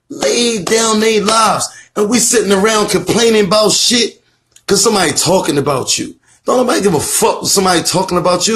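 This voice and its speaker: High-voiced man preaching a fiery, profane lecture. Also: fairly bright tone. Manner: emphatic, preachy, repeats lines for effect; swears a lot, calls out rhetorical questions. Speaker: self-styled teacher presenting his theory.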